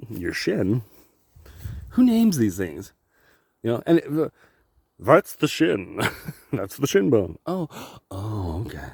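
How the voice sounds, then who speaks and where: A man rambling through a loose, profane solo monologue, cracking himself up as he goes. His pitch swings widely and lively. The sound is dry and close to the mic. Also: takes it slowly, gravelly, pauses often, slightly rough, no room sound. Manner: joking, profane, laughs often. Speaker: vlogger.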